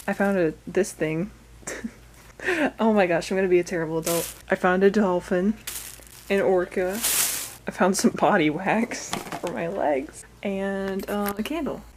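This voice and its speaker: A young adult woman filming a casual vlog, chatty and playful and quick to laugh, talking from behind a handheld camera. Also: mid-range voice, background noise. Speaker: vlogger.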